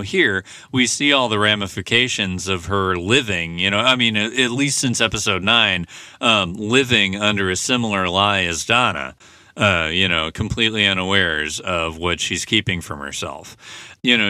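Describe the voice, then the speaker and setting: A man's voice: on the low side, pushed and bright, clean tone, no echo, studio quality. A man hosting a podcast, recapping a TV episode in casual, rambling talk full of "you know" fillers. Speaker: podcast host.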